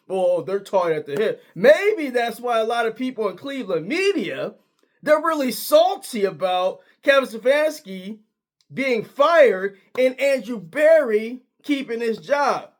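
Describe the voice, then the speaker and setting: A man giving a casual, emphatic sports opinion monologue, full of slang and repeated points. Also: very high voice. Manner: emphatic, repetitive, slangy, argumentative. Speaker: sports commentator.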